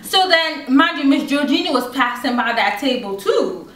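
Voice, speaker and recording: A woman's voice: high voice, normal speed, distant mic. Chatty young woman in a roomy room. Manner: animated, chatty, many fillers and restarts. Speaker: vlogger telling a story. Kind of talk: casual storytime chat. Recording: roomy, off-mic with faint noise.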